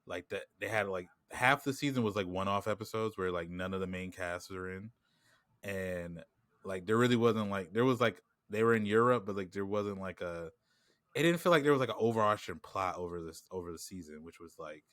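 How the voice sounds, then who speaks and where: A man's voice: low voice, fairly quick, a bit bright, no echo, studio quality. A man co-hosting a podcast in casual chat, rambling with lots of filler phrases and a New York accent. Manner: rambling, lots of "like" and "you know what I'm saying". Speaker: podcast co-host.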